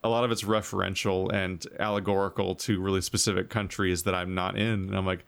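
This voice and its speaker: A man's voice: sits low, level tone, a little fast, creaky, a bit bright. A man in casual podcast chat, musing thoughtfully with hesitations and frequent giggles.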